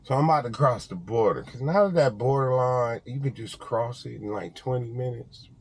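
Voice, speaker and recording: A male vlogger talks casually to the camera, spinning animated stories packed with swearing and frequent laughter. His voice is medium in pitch at a normal speed, with a little hiss or hum in the recording.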